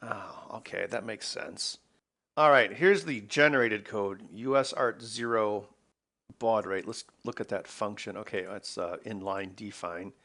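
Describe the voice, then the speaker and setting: A man's voice: lowish voice, a little slow, sharp tone. A man hosting an electronics video, talking casually to himself as he works through a problem. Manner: muttering to himself while working. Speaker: electronics maker host. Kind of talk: casual work-along narration.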